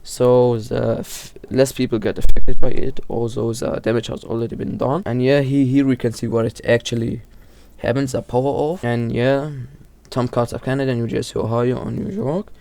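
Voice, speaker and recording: Gravelly and mellow, this man's mid-range voice keeps a steady tone at a moderate pace. He casually explains horror lore in an informal way, stumbling, restarting, correcting himself, and leaning heavily on fillers.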